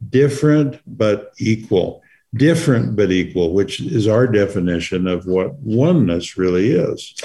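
Low-voiced middle-aged man co-host. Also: lively intonation, unhurried, warm tone. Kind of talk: casual conversational talk.

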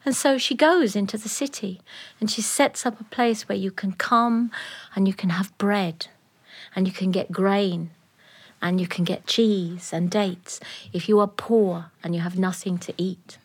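A woman telling a folk tale live in a studio, animated and playful, with laughing asides. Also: medium pitch, measured pace, husky. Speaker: storyteller. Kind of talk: live oral storytelling. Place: recording studio.

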